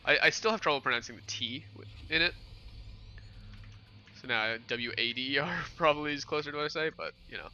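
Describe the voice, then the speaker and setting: A man's voice: fairly high pitch, expressive, a little fast, bright, forceful tone, dull audio, a little hiss or hum. A young man from New York chatting casually with viewers while streaming a game, rambling and answering questions. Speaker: gaming streamer. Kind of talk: casual livestream chat while playing.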